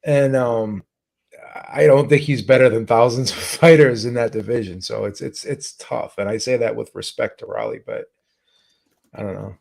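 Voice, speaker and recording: A man co-hosting a boxing podcast, speaking in a measured, hesitant way with many restarts. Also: mid-range voice, fairly even intonation, gravelly, darkish tone. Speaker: podcast co-host. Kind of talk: casual boxing talk.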